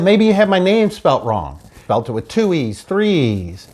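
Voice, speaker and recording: A man telling his own true story in an animated, frustrated way, acting out the people he dealt with. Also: medium pitch, moderate pace, few pauses. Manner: animated, frustrated retelling with quoted dialogue. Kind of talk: personal storytelling.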